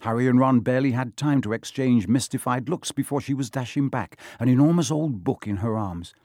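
A man reads a storybook aloud in an even, measured narration. His voice sits in a middle register, and the recording is dry and close with no room sound. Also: medium pitch, no echo. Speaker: audiobook narrator. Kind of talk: scripted narration.

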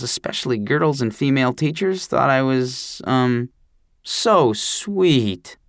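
A man telling a first-person story with wry, self-deprecating humor. His voice sits at a middle pitch, recorded close and dry with no room sound. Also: no echo. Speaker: audiobook narrator. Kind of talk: first-person audiobook narration.

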